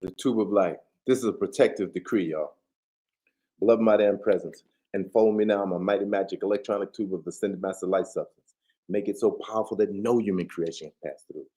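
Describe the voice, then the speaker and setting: Deep, mellow-voiced man on a video call. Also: fairly quick, breathy edge. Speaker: guest co-host. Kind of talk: casual chat and recited prayer.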